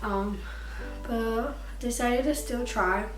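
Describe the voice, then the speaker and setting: Speaking slowly in a voice on the high side, a young woman vlogger candidly tells a personal story to camera, becoming emotional and crying at times. The room is echoey, she sits far from the mic, and faint music plays.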